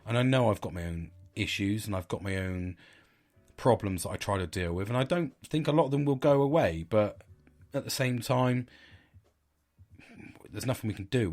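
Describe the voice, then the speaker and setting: A middle-aged man, hosting a podcast and telling a personal story in a candid, rambling, sweary way. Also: lowish voice. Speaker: podcast host. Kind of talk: casual storytelling monologue.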